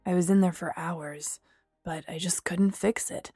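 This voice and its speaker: A worn-out young man, an engineer, talks low and half-whispered in a dry, close audiobook voice, as a woman narrator puts him on. His lines come out breathy and heavy with frustration. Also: moderate pace, warm tone, no room sound, faint music behind. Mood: exasperated.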